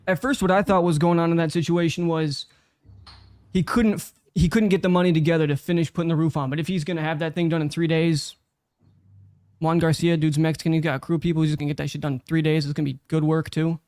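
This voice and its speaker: A man with a slightly raised pitch and a smooth, crisp voice chats casually as he hosts a live sales practice session. He sounds relaxed, swears now and then, and comes through a video call with a dry, close sound. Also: fast talker, no room sound. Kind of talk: casual chat.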